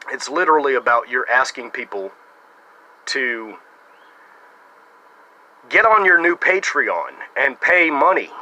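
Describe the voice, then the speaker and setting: American male YouTuber, mocking response monologue, piercing tone, very animated pitch. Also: low-quality recording. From United States. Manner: sarcastic and mocking. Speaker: YouTuber making a response video. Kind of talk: casual talking-to-camera monologue.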